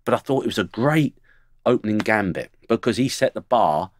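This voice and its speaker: Deep-voiced man telling football stories. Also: animated, moderate pace, a little hiss or hum. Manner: blunt, anecdotal, mimics teammates. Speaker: former footballer guest. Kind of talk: podcast storytelling. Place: podcast studio.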